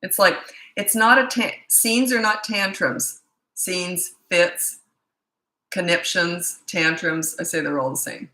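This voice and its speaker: A woman's voice: on the low side, takes it slowly, pushed and bright, roomy sound. Blunt, emphatic woman parenting coach. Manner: emphatic, blunt, repeats points for stress. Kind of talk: casual advice monologue.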